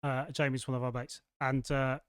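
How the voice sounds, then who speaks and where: A man from England co-hosting a podcast, telling stories in a rambling, animated way. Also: mid-range voice, normal speed, clear, resonant tone, no room sound. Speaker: podcast co-host. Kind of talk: casual chat. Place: studio.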